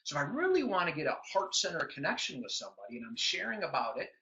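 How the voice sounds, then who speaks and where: A man's voice: fairly high pitch, fast. A middle-aged man giving a motivational business training talk, acting out conversations as he tells stories. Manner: animated storyteller acting out conversations. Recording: dull lo-fi sound.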